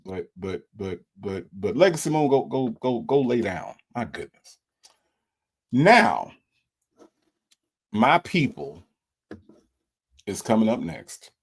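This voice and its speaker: A man's voice: fairly low pitch, slow, pauses often, breathy edge. Male livestream host on a video call, exclaims a lot, voice rises and falls widely. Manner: animated, exclaiming. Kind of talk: casual livestream panel chat.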